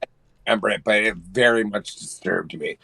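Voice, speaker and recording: A man's voice: lowish voice, fairly quick, gravelly, bright, forceful tone. A man calling in as a guest on a chat show, talking in an erratic, blunt and profane way. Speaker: call-in guest. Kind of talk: casual chat on a call.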